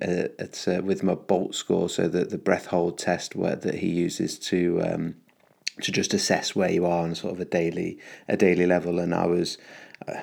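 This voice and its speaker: A man's voice: deep voice, gravelly, a little mellow. A man hosting a casual solo podcast, upbeat and rambling, with lots of fillers and restarts. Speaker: podcast host.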